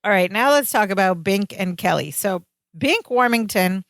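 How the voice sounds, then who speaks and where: A woman co-hosting a podcast, retelling a sitcom episode in casual chat and jumping into higher voices for the quotes. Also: expressive, normal speed, fairly bright tone, no room sound, clean studio sound. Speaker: podcast co-host.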